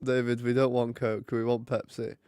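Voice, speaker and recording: Brief: young male streamer, joking banter, middle pitch, dry unroomy mic. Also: little pitch movement, moderate pace, a little mellow, clean tone, no room sound. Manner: chatty, joking. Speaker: streamer hosting a hockey watch party. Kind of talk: casual live commentary and chat.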